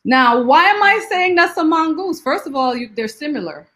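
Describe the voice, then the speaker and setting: A woman from Jamaica, a poet guest who talks in lively rhetorical questions and recites her poems slowly and deliberately. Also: high-pitched, low-quality recording. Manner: rhetorical questions, animated storytelling; slow, deliberate poetry recitation. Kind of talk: conversational interview and poetry reading.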